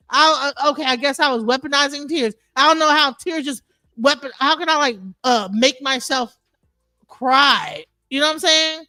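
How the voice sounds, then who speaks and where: High, bright woman arguing heatedly. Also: no room sound. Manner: emphatic, repetitive, swears freely, says bro and sir. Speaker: panelist in an open online panel. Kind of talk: heated argument.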